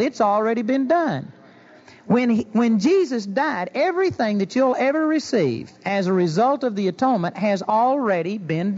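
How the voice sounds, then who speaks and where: A man's voice: high-pitched, a little mellow. A man preaching a sermon in an earnest teaching manner, acting out pleading prayers. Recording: dull lo-fi sound.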